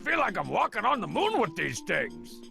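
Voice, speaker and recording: Gravelly, super bright cartoon bully, smug and scheming, big swoops up and down. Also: male voice, sits high, huge pitch swings, moderate pace, faint music behind, heavily acted. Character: boastful scheming cartoon tough guy. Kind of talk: video game voice acting.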